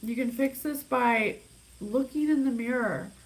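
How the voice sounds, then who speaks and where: A young woman talks through a psychic reading in an intense, emphatic way. Her voice sits a little high. She sounds worked up as she speaks straight to her listeners. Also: a little slow, low-quality recording. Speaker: psychic reader. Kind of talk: channeled reading monologue.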